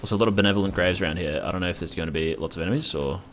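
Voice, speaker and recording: A young male gaming streamer with a low voice talks very fast, rambling casually and swearing freely as he plays. There's a little hiss or hum behind his gameplay commentary.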